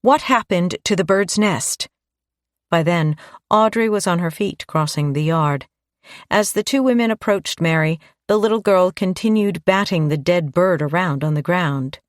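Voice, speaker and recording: A woman narrating a suspense audiobook in a steady, measured way. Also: on the low side, no echo, studio quality. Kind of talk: scripted narration.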